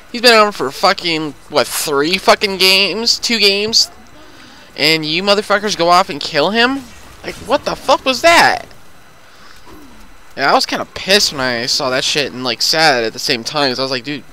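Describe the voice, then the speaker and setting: A man's voice: high voice, very animated, unhurried, bright, forceful tone, a little hiss or hum, rough recording. A man chatting casually and profanely while playing a video game with a friend. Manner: profane, loose and talkative. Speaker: gaming commentator. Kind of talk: casual gameplay chat.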